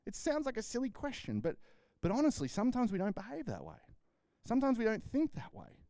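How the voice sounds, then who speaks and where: A man with an Australian accent preaching a sermon in a lively, conversational way, often repeating words and acting out dialogue. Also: extremely high pitch, fairly quick, no echo, studio quality. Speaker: pastor.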